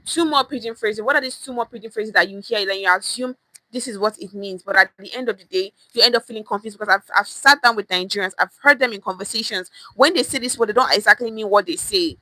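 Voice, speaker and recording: A woman's voice: mid-range voice, fast talker, sharp tone, no room sound, rough recording. A woman teaching pidgin phrases on a live stream, emphatic and repetitive, often checking in with "okay?", at times out of breath. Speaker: pidgin language coach.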